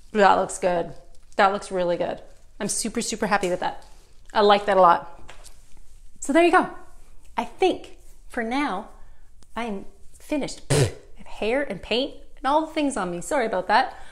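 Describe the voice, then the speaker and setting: Canadian lady doing a live paint tutorial, chatty and upbeat, talks right to the viewers, kinda high voice. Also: sing-song, normal speed, long pauses. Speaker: furniture painting instructor.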